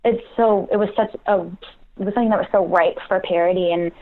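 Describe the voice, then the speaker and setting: A woman's voice: mid-range voice, steady tone, fast. An American woman guest on a phone interview, self-deprecating, laughing often and restarting her sentences. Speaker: comedian guest. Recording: tinny phone line.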